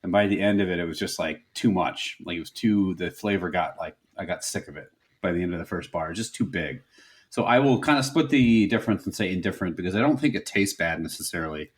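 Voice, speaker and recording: A man's voice: sits low, expressive, fast talker. A young man co-hosting a comedy podcast, rambling and joking in casual chat. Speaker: podcast co-host.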